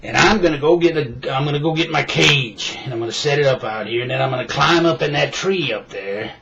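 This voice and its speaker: A man's voice: mid-range voice, brisk, gravelly, muffled recording, natural voice. A man voicing a big, blunt exotic-animal catcher who lays out his plan matter-of-factly.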